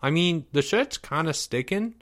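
A man's voice: a little high, expressive, normal speed, fairly bright tone, pitched above the performer's own voice. A man reading a story aloud, voicing a fifth-grade boy who whines, sobs and begs. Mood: whiny pleading. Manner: whining, pleading, blubbering.

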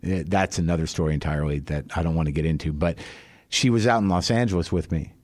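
A man's voice: sits low, fast talker, darkish tone, dry recording. A man hosting a podcast, telling a long personal story in a candid, rambling, profane and wry way. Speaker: podcast host. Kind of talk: comic storytelling monologue.

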